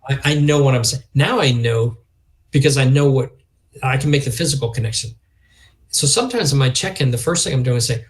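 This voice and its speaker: A man's voice: medium pitch, a little hiss or hum. A middle-aged man speaking earnestly and reflectively as a podcast guest, sometimes emotional as he tells a personal story. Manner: earnest, reflective, quick to emotion, acts out quoted dialogue. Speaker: guest, youth organization leader. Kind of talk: conversational podcast interview.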